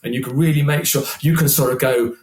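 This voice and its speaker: A man in his sixties, a singer guesting on a podcast, talking in an animated, chatty way and often repeating words. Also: medium pitch, fast talker. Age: 60s. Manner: animated, chatty, repeats words while acting out quoted voices. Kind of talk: casual podcast conversation. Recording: roomy echo.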